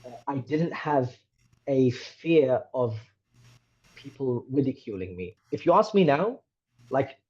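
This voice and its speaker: A man's voice: medium pitch, lively intonation, takes it slowly, long pauses, a little mellow, breathy edge, highs cut off. A man in his thirties with a British accent, chatting candidly as an interview guest, wandering off on tangents and poking fun at himself. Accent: British English. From United Kingdom. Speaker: guest, reciter. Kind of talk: casual interview conversation. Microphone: podcast microphone.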